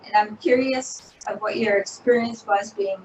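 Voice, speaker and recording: A woman's voice: mid-range voice, fairly even intonation, normal speed, darkish tone. A woman hosting an interview, asking questions in a hesitant way with many fillers. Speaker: interview host. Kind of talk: casual interview. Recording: roomy, distant mic, faint noise.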